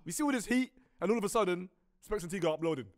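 A man's voice: high-pitched, animated, very fast. A British man co-hosting a podcast, chatting in a rambling, playful, storytelling way. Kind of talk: casual podcast chat.

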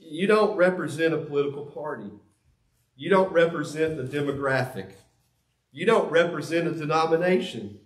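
A man's voice: a little high, moderate pace. A man pastor preaching a sermon, earnest and confessional, stressing key words by repeating them. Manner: confessional, earnest, with emphatic repetition. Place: church sanctuary. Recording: echoey church sanctuary.

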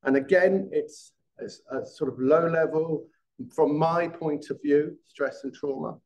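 A man's voice: a little high, steady tone, unhurried, darkish tone, low-quality recording. A middle-aged man, a former police detective, giving a live classroom lecture, often restarting words and checking in with the class. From England.

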